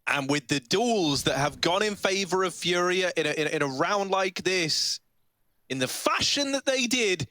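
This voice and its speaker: Bright-voiced playful esports caster. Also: male voice, high voice, moderate pace, dry recording. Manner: playful, theatrical, builds excitement on big plays. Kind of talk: play-by-play commentary.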